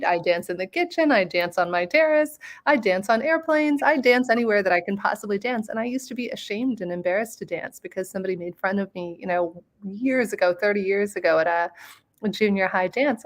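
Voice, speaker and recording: Enthusiastic middle-aged woman sharing motivational advice. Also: mid-range voice. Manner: enthusiastic and expressive, laughs often. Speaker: guest speaker and author. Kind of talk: motivational interview talk.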